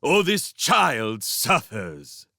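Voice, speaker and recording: A man's voice: mid-range voice, big pitch swings, extremely slow, vocal fry, pushed and bright, no echo, studio quality, voice pushed up, heavily acted. A man voicing an arrogant, scheming young prince who talks in a theatrical, menacing way.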